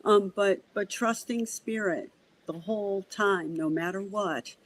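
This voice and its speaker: A woman medium, a guest on a podcast, telling a story in a casual, animated way, acting out the dialogue and often restarting her sentences. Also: mid-range voice, unhurried, slight background noise, low-quality recording.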